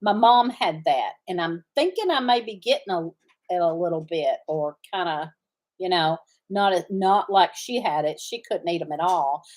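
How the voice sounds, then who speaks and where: A middle-aged woman with a drawl talks casually to her livestream viewers from the farm. Her speech rambles from thought to thought, with frequent pauses while she searches for a word. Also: lowish voice, expressive, a little mellow. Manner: rambling, often searching for words. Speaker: farm channel host.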